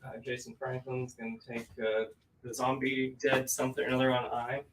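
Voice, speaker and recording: A man co-hosting a live comic sale, relaxed and often laughing along while passing on viewer comments. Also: medium pitch, fairly quick, very noisy. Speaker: co-host reading viewer chat. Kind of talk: casual live-stream chat. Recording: distant mic.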